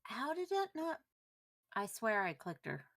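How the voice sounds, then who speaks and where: Lively woman player at a tabletop game. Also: fairly high pitch, measured pace.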